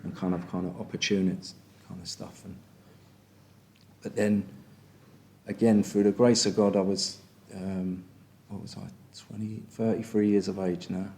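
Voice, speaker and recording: A man's voice: low voice, flat delivery, moderate pace, gravelly, dark tone. An English man in his fifties giving a frank personal share at a recovery meeting, bluntly asking "do you know what I mean" again and again. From England. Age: 50s. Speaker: speaker sharing at a recovery meeting.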